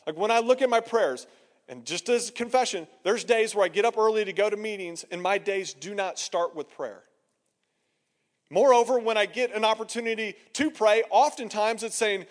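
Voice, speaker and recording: A man's voice: high voice, normal speed, in a large hall. A man preaching a sermon as pastor in a conversational way, acting out the voices he quotes. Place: church hall.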